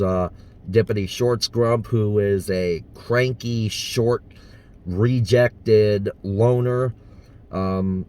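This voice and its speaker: A man's voice: lowish voice, darkish tone. A man from the US South talking casually in a vlog as an impressionist, hesitant and full of fillers. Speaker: impressionist vlogger.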